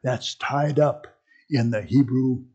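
A man's voice: medium pitch, slow, dark tone, muffled recording. A man teaching a Bible class in a conversational way, with frequent asides and restarts. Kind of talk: casual teaching talk.

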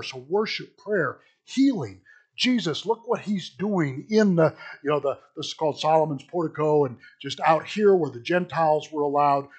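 Middle-aged guy preaching, kinda husky and a bit high, chatty and rambly. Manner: conversational, digressive, with restarts. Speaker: pastor. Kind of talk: sermon.

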